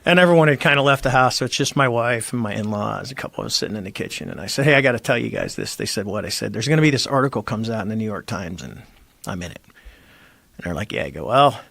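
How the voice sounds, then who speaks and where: A man's voice: on the low side, very animated, quick pace, vocal fry, a bit bright, no room sound. A middle-aged man, a former Navy squadron commander, telling his story as a podcast guest and acting out the voices he quotes. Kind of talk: casual storytelling interview. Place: podcast studio.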